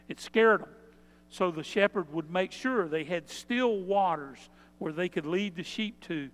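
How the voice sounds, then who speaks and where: A man's voice: high voice, fairly bright tone, in a large hall. A male pastor preaching a sermon, explaining in a plain, conversational teaching tone.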